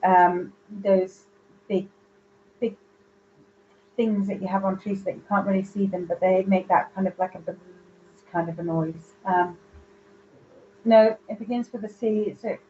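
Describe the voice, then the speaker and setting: A woman's voice: mid-range voice, fairly even intonation, a little slow, long pauses, mellow, highs cut off, a little hiss or hum. A woman giving live psychic readings, chatty and rambling as she searches for words. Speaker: psychic medium.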